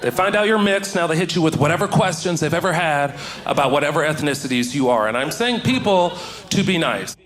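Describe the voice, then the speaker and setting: A man doing stand-up comedy, telling a story to a live audience with animated delivery and loud outbursts. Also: fairly high pitch, a little fast. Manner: animated, acts out voices in his story, loud excited outbursts. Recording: stage recording with audience laughter. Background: audience laughter.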